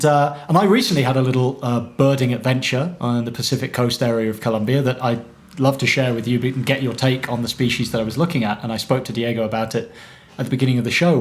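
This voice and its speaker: A man hosting an interview show, speaking eagerly and at an ordinary pitch. He jumps in to share examples with his guest and keeps the conversation moving. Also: darkish tone. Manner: enthusiastic, quick to share examples. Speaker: show host.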